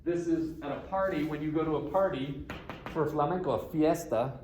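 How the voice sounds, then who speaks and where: A man's voice: on the high side, moderate pace, a little mellow. A male guitar instructor giving a classroom lesson, counting beats aloud and explaining with questions. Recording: echoey room with faint ambient noise.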